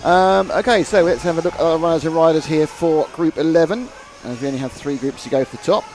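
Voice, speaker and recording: A man's voice: a little high, quick pace, a little mellow, soft background music. A man doing live race commentary, chatty and jokey, reading out viewer comments.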